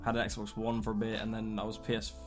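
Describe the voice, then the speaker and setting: A man chatting casually as a podcast guest, relaxed and slangy, with some swearing. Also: fairly low pitch, fast talker, faint music behind. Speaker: podcast guest, streamer and musician.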